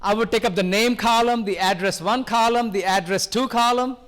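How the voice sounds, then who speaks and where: An older man from India doing a loud, fast-talking live stand-up routine, joking with the crowd at a variety show. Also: high-pitched. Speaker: stand-up comedian.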